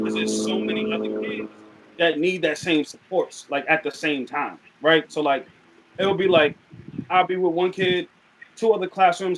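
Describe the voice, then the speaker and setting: A young man talking as a podcast guest, relaxed and rambling, with frequent fillers in casual chat. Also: on the high side, gravelly, slight background noise, rough recording.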